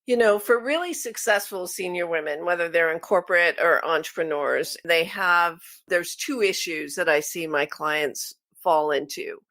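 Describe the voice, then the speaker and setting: A woman hosting a podcast interview, explaining her points in a steady way. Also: fairly low pitch, moderate pace, few pauses, no room sound. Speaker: podcast host.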